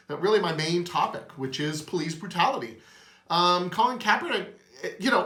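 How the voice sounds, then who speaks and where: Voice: medium pitch, a bit bright, echoey room. A host giving an earnest, emotional opinion monologue.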